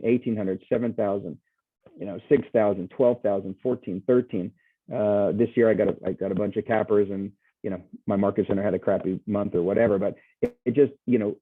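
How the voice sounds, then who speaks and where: Low-voiced man pitching over a tinny call. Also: dry recording. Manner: rambling, enthusiastic, frequent restarts. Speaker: guest speaker. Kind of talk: casual sales pitch presentation. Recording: tinny phone-like video call audio, dry.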